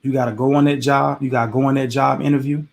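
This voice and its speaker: Gravelly man giving casual advice. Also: mid-range voice, flat delivery, quick pace. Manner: conversational, repetitive, preachy with rhetorical questions. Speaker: podcast host. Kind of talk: casual motivational monologue.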